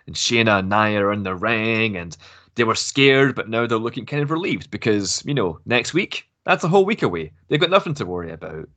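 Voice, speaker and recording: A man's voice: on the low side, expressive, fairly quick, bright, forceful tone. Chatty swearing man recapping wrestling. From Glasgow, Scotland. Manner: chatty, swears, jokes, laughs often. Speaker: podcast host recapping wrestling. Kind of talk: casual recap chat.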